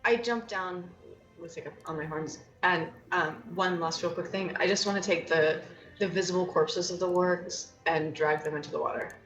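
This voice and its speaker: A woman's voice: fairly low pitch, steady tone, moderate pace. A woman player in a tabletop game who talks in a chatty, hesitant way, full of ums and restarts. Her voice sounds roomy and slightly dull, with faint music under it. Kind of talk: casual tabletop play.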